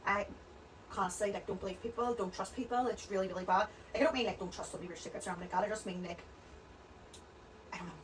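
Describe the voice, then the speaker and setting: A woman's voice: mid-range voice, rapid-fire, distant mic, slight background noise, low-quality recording. A woman, chatting as a podcast guest, rambling through stories one after another. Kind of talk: casual chat.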